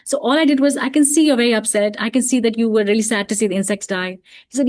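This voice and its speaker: A middle-aged woman giving an online parenting talk, telling stories in a calm, reflective way with many fillers. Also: on the high side, quick pace. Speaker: parenting speaker.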